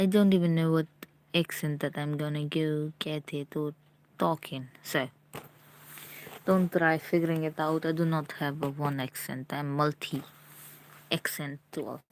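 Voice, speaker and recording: A young woman from India chatting casually with viewers on her live stream. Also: sits low. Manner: chatty, talks straight to viewers.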